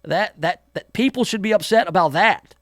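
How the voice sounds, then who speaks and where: A man's voice: high voice, normal speed, no room sound, clean studio sound. A man hosting a talk radio show, giving sarcastic, mocking political commentary.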